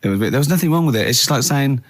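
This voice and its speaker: A man's voice: mid-range voice, animated, rapid-fire, background noise. A man hosting a radio show, giggly and teasing, trading innuendo in comic banter from a studio.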